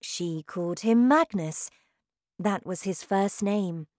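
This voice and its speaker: A woman reading aloud who voices a gentle, kind young woman teacher, speaking softly and calmly. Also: medium pitch, slow, no room sound, studio quality, lightly acted. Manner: soft, calm.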